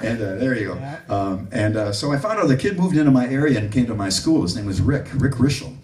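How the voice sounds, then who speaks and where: A man giving a music clinic to a live audience, an animated storyteller who acts out the people he quotes. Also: mid-range voice, brisk. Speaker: bass clinician. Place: room with an audience. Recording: roomy audio from a distant mic.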